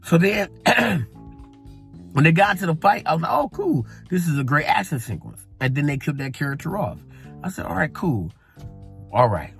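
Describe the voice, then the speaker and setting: A man giving a casual, rambling movie review in a blunt manner and swearing freely. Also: fairly high pitch.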